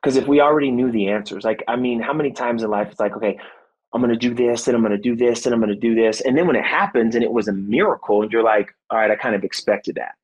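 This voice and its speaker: Earnest husky-voiced man telling a story. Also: mid-range voice, fast talker, muffled recording. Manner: earnest, animated storytelling with acted-out quotes; faith-centered, reflective. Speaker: guest, former football player and motivational speaker. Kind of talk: storytelling in a podcast interview.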